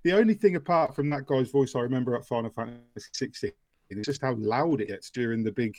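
A man's voice: mid-range voice, quick pace, a little mellow, no echo. A man with a mid-range voice speaks casually in a dry, close recording. He rambles and defends his point, repeating words as he goes. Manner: defensive, rambling, laughs often. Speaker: podcast panelist. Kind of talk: casual panel discussion.

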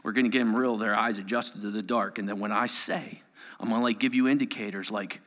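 A man preaching a sermon to a live church audience, telling a story in a playful, animated way and acting out voices and sound effects. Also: fairly low pitch, brisk. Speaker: pastor. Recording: long reverb of a large hall.

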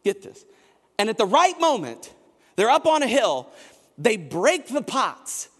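A man preaching a sermon as pastor, telling a story and building to shouted emphasis. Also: high-pitched, very animated, measured pace, slightly rough. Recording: long hall reverb.

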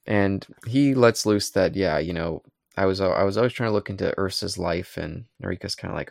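A man's voice: low-pitched, moderate pace, gravelly, dry recording, clean studio sound. A man co-hosting a podcast, casually retelling episode scenes and briefly acting out the characters' lines. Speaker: podcast co-host. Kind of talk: casual recap chat.

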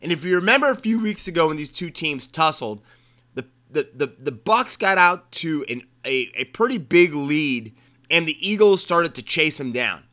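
A man's voice: a little high, expressive, normal speed, pushed and bright. A man from Maryland hosting a sports show, giving casual football picks with joking asides and repeated phrases. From Maryland, USA. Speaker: sports podcast host.

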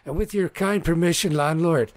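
Guy doing a loud boastful halfling brewer, salesy and pushy, voice pitched up. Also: normal speed, natural voice. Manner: salesman patter, showy and coaxing.

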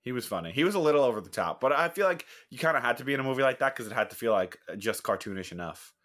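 A man's voice: mid-range voice, lively intonation, very fast, fairly bright tone. A man chatting casually about a movie as a podcast co-host, hedging often and leaning on fillers. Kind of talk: casual movie review chat.

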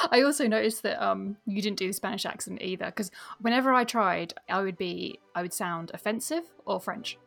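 A woman's voice: mid-range voice, brisk, vocal fry, few pauses, fairly bright tone, faint music behind. A woman co-hosting a book podcast, chatting casually and sharing opinions with lots of tag questions. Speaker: podcast co-host.

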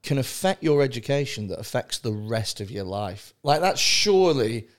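Man, casual podcast chat, blunt, cheeky, lots of swearing, mid pitch. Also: animated, normal speed. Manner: blunt, sweary, jokey storytelling.

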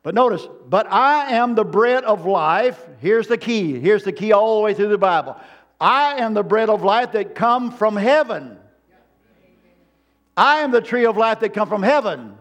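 A man with a high-pitched voice delivers a sermon from the pulpit. He hammers his points home with repeated phrases and reaches out to the congregation for amens. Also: lively intonation, measured pace, a bit bright, muffled recording. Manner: emphatic preaching with repeated phrases. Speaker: preacher.

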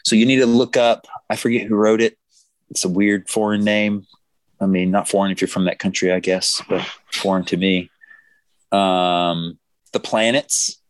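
A man's voice: on the low side, moderate pace, no room sound. A man hosting a casual podcast, joking and putting questions to his co-hosts. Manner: joking, lively, asks the questions. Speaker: podcast host.

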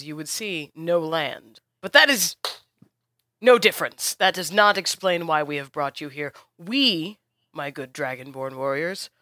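A game master doing a stern half-orc woman who leads with formal, measured authority. The tone is bright and forceful, and the recording is dry and close. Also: mid-range voice, dry recording.

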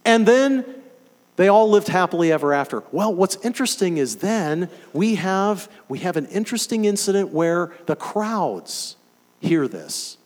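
Man, preacher, sermon, animated, emphatic, rhetorical questions, lively pitch, long reverb. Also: measured pace.

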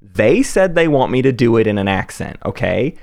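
A man's voice: mid-range voice, big pitch swings, moderate pace, vocal fry, a little mellow. A man co-hosting a podcast in casual chat, joking, laughing often and breaking into asides while reading out news. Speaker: podcast co-host.

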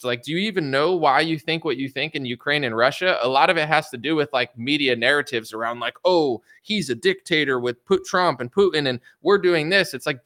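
A man talks straight into the mic in an opinionated commentary vlog, rambling through his points with plenty of filler words. His voice is bright and forceful. The sound is dry and close, with no room around it. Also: a little high, no echo. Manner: rambling, opinionated, frequent "like" and "you know"; mocking quoted voices of media and politicians.

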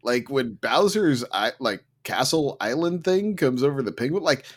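A man co-hosting a casual gaming podcast, talking with big excited swings in his voice. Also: moderate pace. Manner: animated, swings pitch sharply when excited. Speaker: podcast co-host. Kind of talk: casual chat.

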